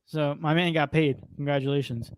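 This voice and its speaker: A young man co-hosting a sports show, talking through contracts and stats in a relaxed way. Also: fairly high pitch, normal speed. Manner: relaxed, lists stats and numbers. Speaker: podcast co-host. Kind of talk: casual sports talk.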